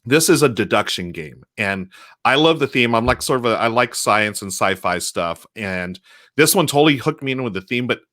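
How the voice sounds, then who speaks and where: A man hosts a casual board game podcast, eager and talkative, laughing as he describes games. His voice is bright and ringing, recorded close with a dry, dead sound. He talks at an ordinary middle pitch. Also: expressive, normal speed, no echo. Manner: enthusiastic, chatty, laughs often. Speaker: podcast host.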